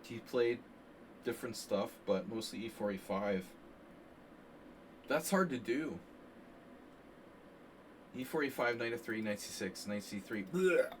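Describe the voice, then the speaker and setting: A man casually commenting on chess games during a live stream, rambling and animated with lots of filler words. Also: lowish voice, measured pace, pauses often. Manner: rambling and animated, frequent "like" and "you know". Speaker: chess coach streaming a lesson. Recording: distant mic with faint background hiss.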